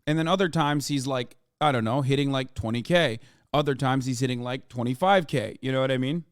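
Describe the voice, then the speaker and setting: A man streaming casual reaction commentary, rambling with fillers and swearing, turning loud and heated when he rants. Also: mid-range voice, dry recording, clean studio sound. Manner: profane, rambling, with frequent fillers.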